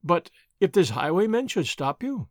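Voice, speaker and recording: A man reading the part of a proud, spirited young noblewoman, asking sharp, challenging questions. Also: high-pitched, very animated, moderate pace, dry recording, clean studio sound.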